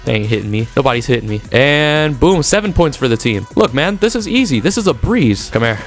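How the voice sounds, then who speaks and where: Young male gamer, hyped play-by-play with casual slang, mid-pitched voice, faint music under it. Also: a little fast. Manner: excitable, trash-talking, casual slang. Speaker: gaming YouTuber. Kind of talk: energetic gameplay commentary.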